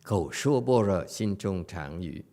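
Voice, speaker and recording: A man's voice: low-pitched, lively intonation, measured pace, mellow. A man giving a Buddhist dharma lecture in a meditation hall, blunt and teasing, with many fillers and restarts. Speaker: Buddhist master.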